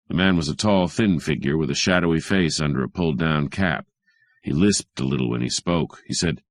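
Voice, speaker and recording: A man reading a hardboiled crime story aloud as an audiobook narrator, in a measured, even manner. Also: rumbling low, dry recording, clean studio sound.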